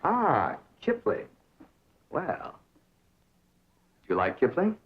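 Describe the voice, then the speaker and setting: A pompous would-be drama coach. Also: male voice, a little high, huge pitch swings, drawn-out words, exaggerated voice. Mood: grandiloquent. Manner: theatrical, flowery, affected diction. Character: pompous young man posing as cultured drama coach. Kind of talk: 1960s sitcom acting. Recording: dull lo-fi TV sound with hiss.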